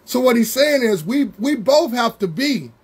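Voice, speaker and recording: A man preaching a Bible study sermon, drawing words out slowly for emphasis and calling out to members of the congregation. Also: very high voice, animated, breathy edge. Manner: preaching with slow, drawn-out emphasis and call-outs to congregation members.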